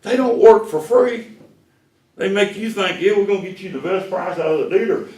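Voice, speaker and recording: A man's voice: sits high, normal speed. A man, running a sales class as the owner of a car dealership and telling stories that act out the dialogue. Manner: folksy, animated storyteller who acts out dialogue. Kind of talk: storytelling lecture to a class. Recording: echoey room, voice from far off.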